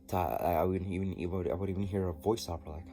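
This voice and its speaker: A man telling a personal story in a diary vlog, halting and rambling with many restarts. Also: sits low, fairly even intonation, dark tone. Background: music.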